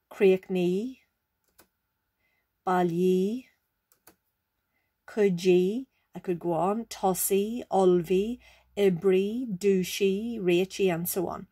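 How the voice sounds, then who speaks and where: A woman teaches a grammar lesson. She explains each rule patiently, repeats it, and keeps asking the learner whether they follow. Her voice sits at an ordinary middle pitch. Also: warm tone. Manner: patient, repeats rules, checks understanding with "right?" and "okay?". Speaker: Irish language teacher.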